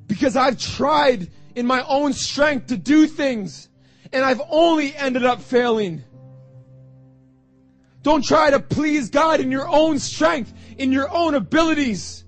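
A man preaching a sermon as a pastor, fervent and repetitive, building up to shouts. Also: very high voice, slow pace, soft background music. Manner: fervent preaching, repeats phrases, rising to shouts.

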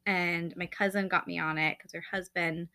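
A woman's voice: fairly low pitch, fairly even intonation, normal speed, sharp tone. A woman in her thirties co-hosting a casual chat podcast, rambling and chatty with lots of fillers. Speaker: podcast co-host.

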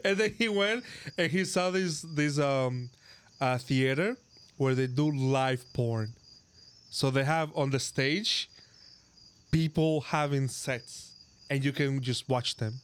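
A man's voice: mid-range voice, takes it slowly, clean tone. A man co-hosting a casual podcast, telling stories with lots of swearing and laughter, recorded outdoors at night. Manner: animated storyteller, swears, laughs a lot. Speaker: podcast co-host. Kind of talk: casual chat. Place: outdoors at night, crickets behind. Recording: faint outdoor insect noise.

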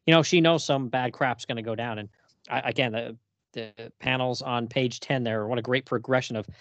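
A man co-hosting a podcast in casual chat, retelling a comic scene in an animated way and laughing often. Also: mid-range voice, normal speed, no room sound, highs cut off. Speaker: podcast co-host.

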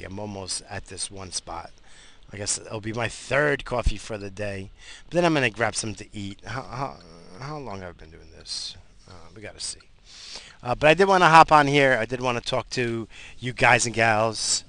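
A man's voice: fairly low pitch, normal speed, sharp tone. A tired man hosting his own show, talking in a casual, rambling way with many restarts and fillers while driving. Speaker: podcast host. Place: in a car, driving.

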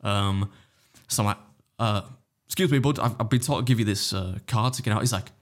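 A man's voice: fairly low pitch, a little fast. A man telling a story in casual podcast chat, acting out other people's lines, swearing and laughing often. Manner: animated anecdote-telling, acts out other voices, swears freely, laughs often. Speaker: podcast guest, competitive eater.

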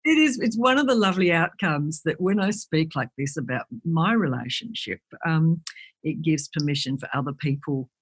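A woman, a guest speaker chatting in an interview and telling lively stories, acting out the voices of people she quotes. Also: sits low, normal speed, slightly rough. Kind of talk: conversational interview.

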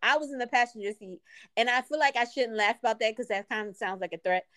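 Laughing, animated woman podcaster. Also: fairly high pitch, fast, dry recording, clean studio sound. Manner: animated storytelling, laughs often, slangy. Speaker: podcast co-host. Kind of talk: casual chat.

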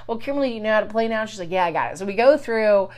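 A woman chatting on a podcast, spinning a story with plenty of cursing. She acts out what others said as she goes. Her voice sits at a middling pitch. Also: racing. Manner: profane, animated storyteller acting out quotes. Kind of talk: casual storytelling chat.

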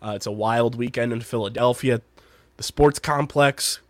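A man's voice: medium pitch, moderate pace, no room sound. A man hosting a casual podcast, tired and congested, chatting in a loose, rambling, upbeat way. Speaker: podcast host. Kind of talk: casual chat.

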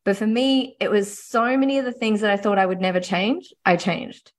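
A woman hosting a mentoring podcast, reflecting and affirming her guest in relaxed, chatty conversation. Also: mid-range voice, normal speed. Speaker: podcast host. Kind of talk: conversational interview.

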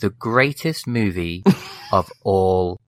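Casting: dry-miked male podcast co-host, teasing, swings his pitch around. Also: animated, takes it slowly, fairly bright tone, dry recording. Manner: wry, teasing. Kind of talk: casual film chat. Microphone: desk microphone.

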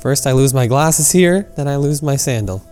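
A young man co-hosting a podcast in casual chat, teasing his friend and mimicking him in squeaky voices. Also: expressive, normal speed, a little mellow, soft background music. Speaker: podcast co-host.

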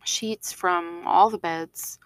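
A woman's voice: on the low side, fairly even intonation, slow, no echo. A woman co-hosting a podcast in casual chat, talking with many fillers and frequent laughs. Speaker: podcast co-host.

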